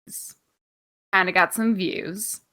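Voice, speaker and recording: A woman's voice: medium pitch, steady tone, slow, bright, forceful tone. A woman co-hosting a podcast, chatting casually through wrestling news in an offhand, rambling way, swearing freely and filling gaps with ums. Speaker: podcast co-host.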